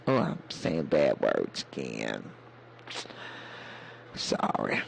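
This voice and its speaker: A man's voice: a bass voice, huge pitch swings, very slow, vocal fry, a little hiss or hum, rough recording. A man hosting a casual livestream chat in a sassy way, calling his viewers baby and honey. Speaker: livestream host.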